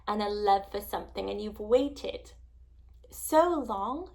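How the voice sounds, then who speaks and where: A woman's voice: medium pitch, slow, gravelly. A young woman travel vlogger telling a story to camera, gushing and close to tears, sometimes dropping to a whisper. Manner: excited, gushing, drops to whispers.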